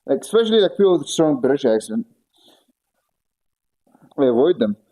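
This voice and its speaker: Man, casual streamer, rambling talk, joking, mellow dark voice, home stream. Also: mid-range voice, sing-song, a little fast. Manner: rambling, joking, talking to chat. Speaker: livestreamer. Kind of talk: casual stream chat while working out.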